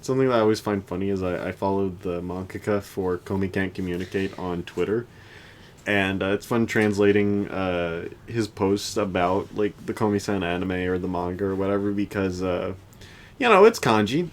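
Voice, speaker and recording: This podcast co-host has a low-sitting voice and speaks at normal speed, with slight noise in the background. He chats loosely about anime, wandering off track, restarting often and leaning on fillers.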